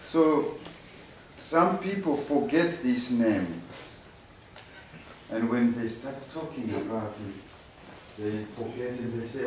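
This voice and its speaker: A man's voice: medium pitch, expressive, slow, slight background noise. A man, a Shona speaker, patiently teaching a music workshop and leading the group in repeating words after him. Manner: patient, demonstrative, leads group repetition. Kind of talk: teaching a workshop with call-and-response. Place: workshop room. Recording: echoey room from a distance.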